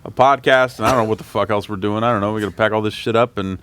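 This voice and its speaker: A man's voice: on the low side, steady tone, racing, fairly bright tone, dry recording. A middle-aged man hosting a live stream, talking in a dry, sarcastic way and swearing casually. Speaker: host.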